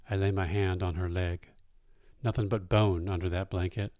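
A man reading a first-person story aloud in a plain-spoken, unhurried way. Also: low voice, flat delivery, a little mellow, no echo, clean studio sound.

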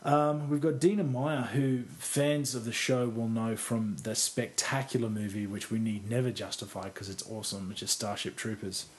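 A podcast co-host chats casually about a film he likes, rambling, poking fun at himself, and swearing casually. His voice is medium-pitched and steady, at a moderate pace with few pauses.

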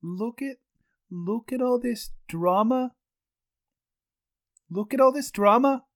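A man voicing a loud male character who exclaims over drama in a drawn-out, high voice. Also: sing-song, heavily acted. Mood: exclaiming.

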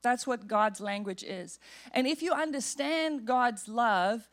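A woman pastor preaching in a church, telling a personal story in an animated, humorous way. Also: on the high side, slow pace. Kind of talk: storytelling sermon. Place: church sanctuary.

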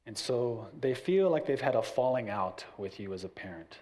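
A man's voice: mid-range voice, normal speed. A middle-aged man talking casually about raising children, acting out little family scenes as he goes. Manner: animated, acts out little scenes with family voices. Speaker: parent giving parenting advice. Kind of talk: casual talk.

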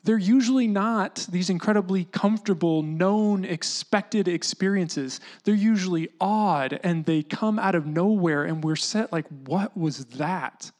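A preacher giving a relaxed, conversational sermon at a middle pitch. The delivery is animated and chatty, with plenty of "like" and "you know". The voice sometimes drops low and hushed. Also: measured pace, few pauses. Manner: casual, animated teaching with lots of "like" and "you know"; often drops into a hushed voice to act out quotes.

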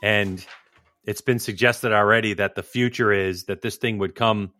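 A man's voice: on the low side, fairly even intonation, moderate pace, sharp tone, dry recording, clean studio sound. A man from Massachusetts hosting a podcast, joking and teasing his co-host in casual banter. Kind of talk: casual chat.

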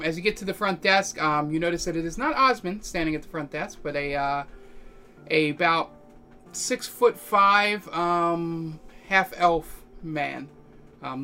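A man narrating as game master of a tabletop game, rambling with many pauses and fillers. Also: on the high side, sharp tone, faint music behind. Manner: rambling, lots of ums and pauses.

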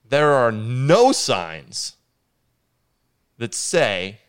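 A man recounts a strange encounter with dry, deadpan humor. He takes his time, letting each beat land. His voice is smooth and clear, at an ordinary pitch. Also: very slow. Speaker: storyteller. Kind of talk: casual spoken anecdote.

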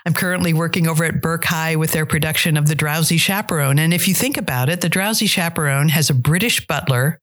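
In a casual interview conversation, a middle-aged theater director and dialect coach rattles off chatty stories, trailing off and restarting along the way. Her low voice goes fast, with hardly any pauses.

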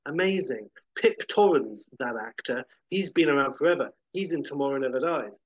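A man's voice: mid-range voice, moderate pace, few pauses, no room sound, rough recording. A man co-hosting a podcast, chatting casually in a thoughtful, hesitant way. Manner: thoughtful, hesitant, with many ums. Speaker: podcast co-host. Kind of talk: casual chat.

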